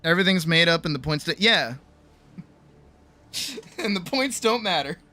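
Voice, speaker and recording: A woman streamer talking loosely to her chat, swearing freely and rambling through a pep talk. Her voice is bright and lively, jumping up and down in pitch, with soft music underneath. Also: a little slow. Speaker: streamer and artist. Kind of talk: casual livestream chat.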